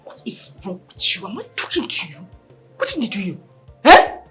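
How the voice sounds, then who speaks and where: A wronged Nigerian wife, mixing English and Pidgin, her pitch swinging wide. She stammers when cornered. Soft film music plays behind. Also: huge pitch swings, normal speed, rough recording. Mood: defensive. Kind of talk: Nollywood film acting.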